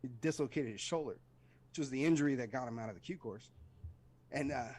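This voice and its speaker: The veteran guest, a middle-aged man, recounts stories on a podcast in a lively way, imitating voices and sounds. His mid-range voice moves quickly through the casual interview.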